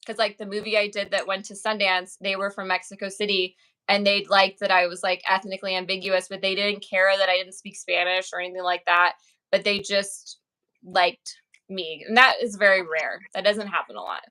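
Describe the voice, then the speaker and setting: A woman's voice: mid-range voice, steady tone, moderate pace, bright, forceful tone, clean tone, rough recording. A woman actress and author chatting in an interview, telling stories in an upbeat way with many fillers. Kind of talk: casual interview chat.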